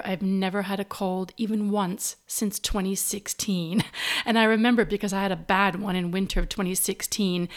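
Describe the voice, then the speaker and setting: Congested woman hosting a solo podcast. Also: medium pitch. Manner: reflective, upbeat and personal. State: congested with a cold. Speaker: podcast host.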